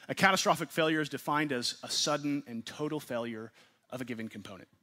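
A pastor preaches a sermon to his church in a slightly high voice, earnest throughout. He puts questions to the listeners and swings between forceful emphasis and hushed, quiet phrases.

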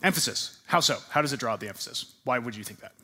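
A man's voice: mid-range voice, expressive, fast, sharp tone. Man teaching a sermon, questioning listeners. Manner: asks the audience questions and repeats their answers; emphatic, leans into repeated words. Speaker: pastor teaching a class.

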